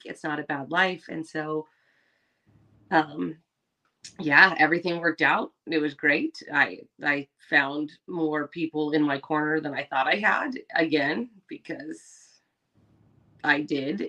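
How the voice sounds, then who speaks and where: A woman's voice: low-pitched, pushed and bright. A woman co-hosting a podcast, talking earnestly and encouragingly in casual chat. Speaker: podcast co-host.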